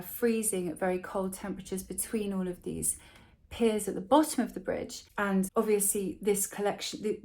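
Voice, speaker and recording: A woman's voice: mid-range voice, darkish tone. A woman narrating a casual history video, chatty, with frequent fillers and restarts. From lives and works in London. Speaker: history vlogger.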